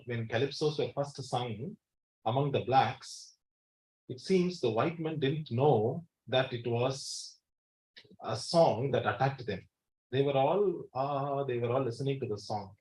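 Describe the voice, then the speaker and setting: A man's voice: mid-range voice, darkish tone. A man giving an academic lecture in a college seminar hall, emphatic and repeating key words. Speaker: guest lecturer.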